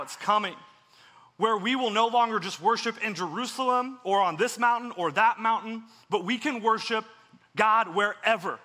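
A man's voice: high voice, bright, forceful tone. A man giving a casual, earnest sermon as a pastor, speaking in an easygoing way with many fillers. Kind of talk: conversational sermon. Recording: long hall reverb.

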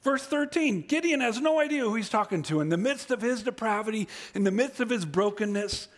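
Male preacher, high voice, sermon, dramatic swings in loudness, acts out quotes. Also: animated, a little fast. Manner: swings from low reading to loud, high emphasis; acts out voices in scripture and paraphrase. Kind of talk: sermon with scripture reading.

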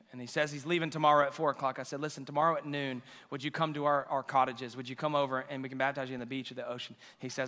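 A man's voice: a little high, rapid-fire, few pauses, bright, forceful tone, long reverb tail. A man preaching a sermon, telling a story emotionally and acting out the dialogue. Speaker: pastor. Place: church auditorium.

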